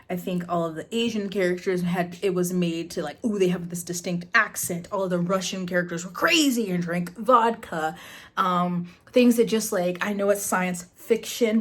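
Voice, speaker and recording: Young woman book vlogger, lowish voice, blunt and exasperated. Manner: blunt, exasperated, swears casually. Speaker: booktube vlogger. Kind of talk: casual reading vlog and review.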